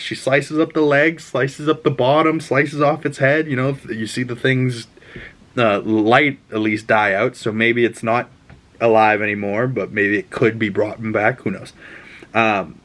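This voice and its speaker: A young man giving a casual, rambling episode recap, swearing freely and getting openly excited as he talks. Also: medium pitch. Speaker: show recap vlogger.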